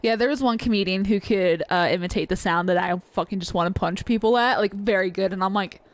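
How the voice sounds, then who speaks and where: A woman's voice: medium pitch, a little fast, no room sound. A young woman co-hosting a let's play, chatting casually and swearing freely while playing. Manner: swears freely, laughs often. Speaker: co-host of a gaming channel.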